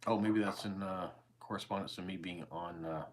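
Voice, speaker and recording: A man in his forties with a Canadian accent, chatting calmly and easily with viewers during a live stream. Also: deep voice. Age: 40s. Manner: calm, easygoing, unhurried. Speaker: YouTube host. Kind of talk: casual livestream chat answering viewer comments.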